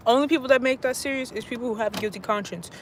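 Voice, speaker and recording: A young woman with a fairly high voice vents straight into her phone in a blunt, profane, exasperated rant. Steady background noise hangs under the phone audio as she walks about. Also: racing. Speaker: vlogger. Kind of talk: casual rant to camera. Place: walking around outdoors and indoors with a phone.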